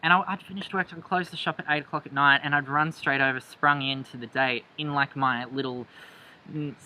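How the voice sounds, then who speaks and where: A young man, chatting through a date story in a lively, jumpy way. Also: medium pitch, brisk, poor audio. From Australia. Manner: animated, jumps into quoted voices, laughs a lot. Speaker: vlogger. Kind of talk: storytime chat.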